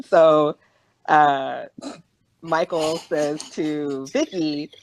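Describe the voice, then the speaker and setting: A woman's voice: sits low, fairly even intonation, takes it slowly. A woman co-hosting a podcast, recapping a TV episode in casual chat, laughing often and acting out the characters' lines. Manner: laughs often, acts out quotes in voices. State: out of breath. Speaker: podcast co-host.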